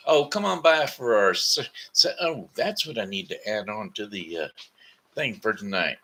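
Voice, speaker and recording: A man's voice: on the low side, expressive, normal speed, fairly bright tone. A man hosting a casual live stream, folksy and rambling with sing-song asides. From Missouri. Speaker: host.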